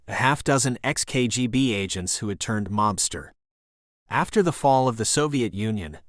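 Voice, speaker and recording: A man reading a thriller audiobook as narrator, in a steady storytelling voice. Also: medium pitch, dry recording, clean studio sound. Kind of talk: scripted narration.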